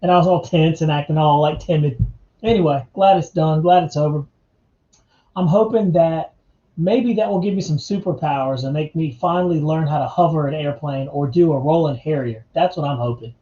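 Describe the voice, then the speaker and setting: A man's voice: a little high, moderate pace, warm tone, reverberant, muffled recording. A man from North Carolina, hosting a casual live chat, laid-back and chatty and calling his viewers man and dude. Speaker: livestream host.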